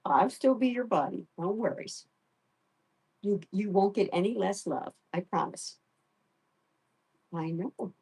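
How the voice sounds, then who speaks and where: A woman's voice: medium pitch, expressive, slow pace, pauses often, husky. Woman sweet-talking her pet. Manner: soft baby talk to her pet, chatty with viewers. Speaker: pet livestream host. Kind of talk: casual live-stream chat.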